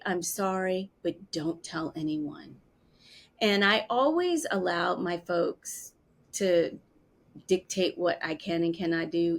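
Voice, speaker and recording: Woman in her fifties telling her story. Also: fairly low pitch. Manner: animated, acts out quoted voices. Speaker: interview guest. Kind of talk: personal storytelling.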